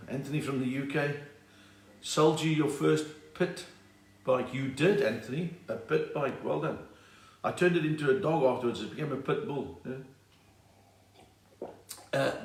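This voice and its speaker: Jokey South African comedian, roomy and distant. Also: male voice, fairly high pitch, a bit bright. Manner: jokey, chatty, greets viewers by name and answers with puns. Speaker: comedian hosting a live stream. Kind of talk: casual live-stream chat reading viewer comments. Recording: roomy sound, voice set back from the mic.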